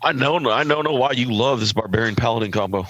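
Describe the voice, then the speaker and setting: A man's voice: mid-range voice, quick pace, fairly bright tone, slight background noise. A man acting as dungeon master, casual and laughing, swearing freely on an online call. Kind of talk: running a tabletop game, casual chat.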